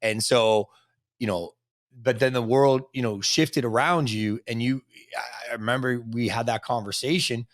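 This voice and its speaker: A man's voice: mid-range voice, normal speed, dry recording, studio quality. A middle-aged man hosting an interview, talking casually and animatedly with an old friend. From Boston area. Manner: warm, animated, friend to the guest. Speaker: podcast host, interviewer.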